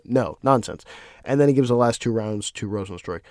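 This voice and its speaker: A man hosting his own podcast, talking casually in an animated, profane, ranting way. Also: medium pitch, a little fast, no room sound, studio quality. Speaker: podcast host. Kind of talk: casual solo commentary.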